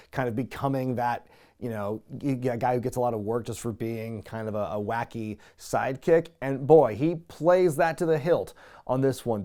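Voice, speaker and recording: A man's voice: medium pitch, darkish tone. A man hosting a wrestling review show, recapping an old episode in a chatty, sarcastic way with lots of fillers. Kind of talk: casual recap commentary.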